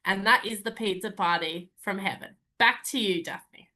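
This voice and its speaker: Bright, playful woman club host. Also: mid-range voice, moderate pace. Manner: playful, animated, jokey. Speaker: Toastmaster of the day. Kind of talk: lively club meeting hosting.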